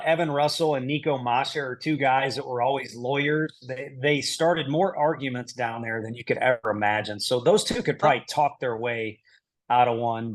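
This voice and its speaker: A middle-aged man, a head baseball coach, answering casually in an interview. He laughs easily and thinks aloud with self-deprecating humor. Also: mid-range voice.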